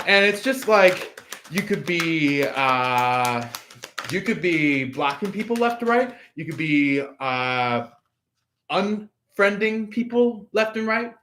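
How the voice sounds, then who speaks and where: A man giving a casual live tarot reading, filling his talk with pauses and acting out the people he quotes. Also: sits high, lively intonation, bright, forceful tone, slight background noise. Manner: acts out quoted voices, laughs, filler-heavy. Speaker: tarot reader.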